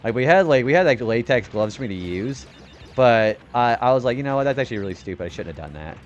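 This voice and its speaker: A young man with an expressive, mid-range voice talks quickly while streaming a retro game, over dull audio with a little hiss or hum. He rambles casually about his day, swears when he misses a turn, and calls his own voice nerdy.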